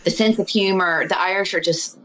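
A woman with a slightly low voice talks as a guest healer in a relaxed interview. She tells her stories in an animated, chatty way, with lots of "you know" and "like" fillers. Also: fairly quick, poor audio. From lives abroad, not local. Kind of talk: casual storytelling interview.

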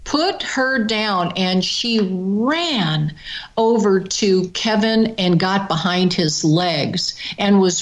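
A woman telling a personal story in casual spoken style, earnest, with dramatic pauses and quoted exclamations. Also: on the low side, poor audio.

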